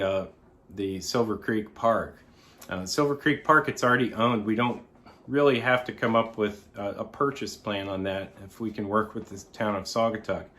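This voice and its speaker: A middle-aged man giving an informal presentation as a local resident, rambling and often pausing to restate himself. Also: fairly low pitch, a bit bright.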